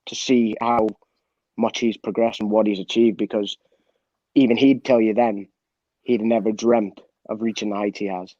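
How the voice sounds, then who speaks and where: Interview guest, man, former footballer: low, mellow voice, dry close sound, slightly dull lo-fi recording, relaxed candid storytelling. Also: normal speed, dry recording. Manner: relaxed, candid, many restarts and quoted dialogue.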